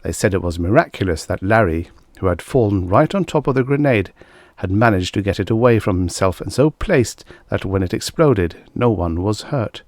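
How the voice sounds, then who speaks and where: A man reading a vintage science fiction story aloud in steady first-person narration. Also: on the low side, moderate pace, dry recording, studio quality. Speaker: audiobook reader.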